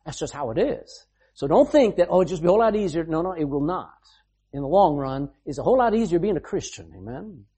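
Man, pastor, sermon, emphatic preaching, husky voice, reads scripture aloud. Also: a little high, very animated, fast, dark tone.

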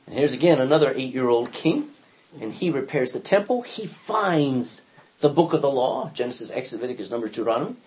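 Older man, lively storytelling Bible teacher. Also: medium pitch, brisk. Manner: animated storyteller, acts out quotes, frequent restarts. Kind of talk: informal Bible lesson.

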